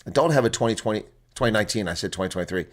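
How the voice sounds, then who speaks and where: Racing along in an expressive, lowish voice, a man hosts a live rugby reaction stream. He reads the team lineups, chats bluntly with viewers and exclaims frequently.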